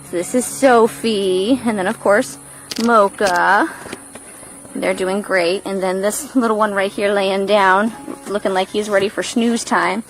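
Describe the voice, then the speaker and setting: A woman's voice: steady tone, unhurried, faint music behind, low-quality recording. Chatty woman touring her farm. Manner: chatty, cooing at animals in a high baby voice. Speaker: farm vlogger. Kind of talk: casual farm tour. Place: outdoors on a farm.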